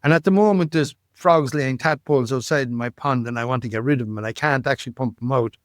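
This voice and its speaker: A man, telling life stories as a podcast guest, animated and repeating words, often tagging lines with "right?". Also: medium pitch, quick pace, no room sound, clean studio sound. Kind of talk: storytelling interview.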